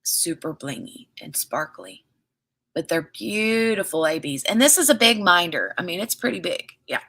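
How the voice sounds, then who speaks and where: A woman's voice: fairly low pitch, sing-song, normal speed, bright, forceful tone, breathy edge. A woman hosting a casual craft livestream, chatting in a rambling, storytelling way and reading viewer comments aloud.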